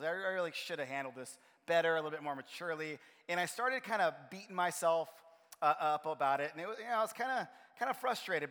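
A man preaching a sermon as pastor of his church, telling stories in an animated way. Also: high-pitched. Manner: animated storytelling, acts out his own frustration. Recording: long hall reverb.

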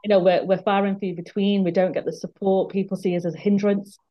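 A woman's voice: medium pitch, level tone, fast, lo-fi sound. A woman telling a personal story in candid conversation, earnest and emphatic, repeating words when moved. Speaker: guest.

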